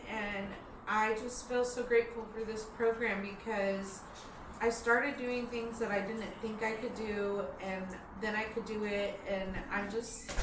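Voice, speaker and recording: An earnest woman gives a heartfelt graduation speech in a plain, halting way. She sounds set back from the mic in an echoey room, with a faint hum of room noise behind her. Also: mid-range voice, recorded from a distance. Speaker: program graduate.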